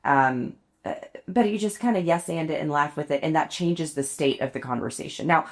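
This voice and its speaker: A woman co-hosting a podcast speaks in a low voice at a moderate pace. Her casual storytelling is chatty and self-deprecating, broken up by frequent laughter.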